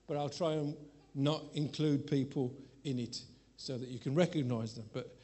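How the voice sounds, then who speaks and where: A man preaching to a congregation and telling a candid personal story with self-mocking humor and sudden changes in loudness. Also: mid-range voice, moderate pace, slightly rough. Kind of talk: sermon.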